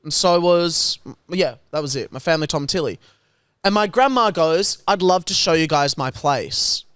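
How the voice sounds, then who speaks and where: A young Australian man co-hosting a podcast, telling stories in an animated way and doing voices. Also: on the high side, moderate pace, clear, resonant tone, no room sound, clean studio sound. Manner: animated storyteller, does voices. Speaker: podcast co-host. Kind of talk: casual chat.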